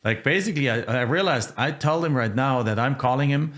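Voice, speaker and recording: A man's voice: medium pitch, a little fast, a bit bright. Casting: man as podcast host, casual storytelling, loose and full of restarts. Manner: storytelling with restarts, acts out phone calls. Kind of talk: casual interview chat.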